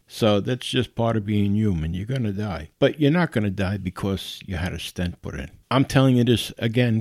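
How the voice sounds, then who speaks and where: A man's voice: mid-range voice, darkish tone, no echo, clean studio sound. A middle-aged man hosting a podcast, giving casual advice and telling personal stories in an earnest, folksy, pleading way. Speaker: podcast host.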